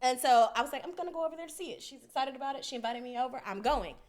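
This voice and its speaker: A woman's voice: high voice, rapid-fire, a little mellow. A woman co-hosting a podcast, telling a story in a casual, profane way and acting out both sides of the argument. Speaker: podcast co-host.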